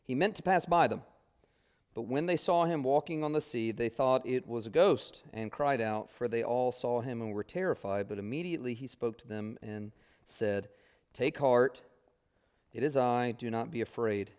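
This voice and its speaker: Guy teaching bible study, smooth clear voice, lots of uhs, reads verses then explains. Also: medium pitch, normal speed, a little mellow. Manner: conversational, many fillers, reads scripture aloud then explains.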